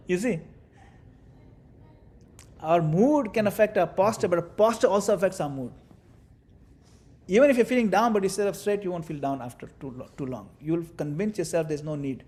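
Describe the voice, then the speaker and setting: A man with a fairly high voice leads a devotional class, talking in a lively, demonstrative way. He acts things out as he teaches and slips in playful asides. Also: normal speed, pauses often. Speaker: spiritual teacher.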